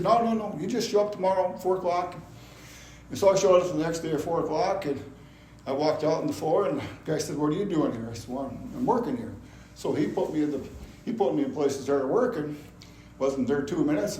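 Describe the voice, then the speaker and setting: A man's voice: a little high, warm tone. A man from Iowa giving a personal testimony in a church hall, telling his story in a folksy way and acting out the voices of people he quotes. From Iowa, USA. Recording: roomy hall with faint hum.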